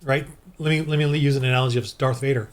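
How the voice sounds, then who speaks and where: A man's voice: mid-range voice, steady tone, fast talker. A man from the United States giving a rambling, heated, preachy commentary monologue as a Christian video host.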